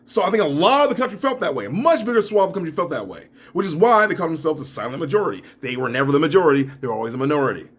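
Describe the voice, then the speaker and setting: A young man with a slightly husky voice talks straight to camera in a reaction video. He rants with lively swings in pitch, breaks into laughs, and then drops low into muttered asides. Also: rapid-fire, few pauses. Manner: animated, laughing, ranting, drops into mumbles. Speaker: YouTuber.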